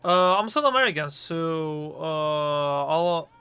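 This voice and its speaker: A man's voice: a little high, animated, slow pace, pushed and bright, smooth. A man from Chile streaming live as a tarot reader, chatting casually with viewers in a scattered, intense way while juggling several things at once. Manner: intense, scattered, talks to chat while multitasking.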